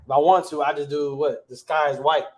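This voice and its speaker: A man with a somewhat high voice teaches a class in a relaxed, conversational style. He keeps stopping to ask "right?" and mixes slang into his explanations. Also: fairly quick. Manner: casual, keeps checking with "right?".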